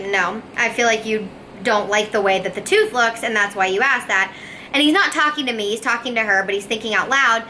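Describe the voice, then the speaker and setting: A young woman talks straight to her viewers with a bright, forceful tone and a slightly high voice. She tells her story in an animated, emphatic way and acts out her own reactions. Faint noise hums behind her. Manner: emphatic, animated retelling with quoted asides. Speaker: fitness vlogger. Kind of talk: casual storytelling to camera.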